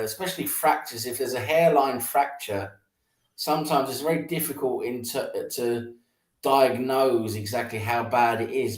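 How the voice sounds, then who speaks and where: Man, stream guest, hesitant and rambling, mid-range voice, echoey room. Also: mid-range voice. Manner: hesitant, full of "you know" and restarts. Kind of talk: casual conversation. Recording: roomy, echoey sound.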